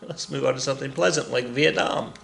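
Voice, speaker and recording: A man's voice: medium pitch, fairly quick, vocal fry, a bit bright, a little hiss or hum. A man teaching a history lecture in a casual, joking way, often repeating key points for emphasis. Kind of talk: recorded classroom lecture. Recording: echoey room.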